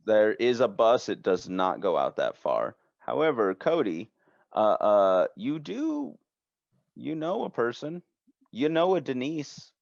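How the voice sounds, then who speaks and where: A man's voice: mid-range voice, sing-song, takes it slowly, creaky, dry recording, dull audio. A man narrating as game master for a tabletop game, rambling and joking with many restarts.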